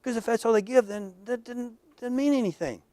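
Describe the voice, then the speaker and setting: A man giving a conversational lecture to a live audience, earnest and full of stories, dropping to a hush and then rising loud. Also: extremely high pitch, a little fast, no room sound. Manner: earnest, storytelling, swings from hushed to loud. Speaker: lecturer at professional workshop.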